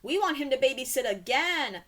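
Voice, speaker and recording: A woman voicing mischievous little twin boys in a storybook reading, excited and cheeky. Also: sits high, normal speed.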